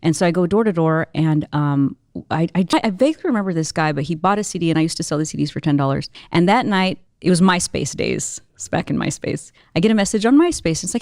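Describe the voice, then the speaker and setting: Animated woman telling her story. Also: sits low, no room sound, clean studio sound. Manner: animated, fast storytelling with many fillers. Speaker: guest entrepreneur and musician. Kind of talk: storytelling interview.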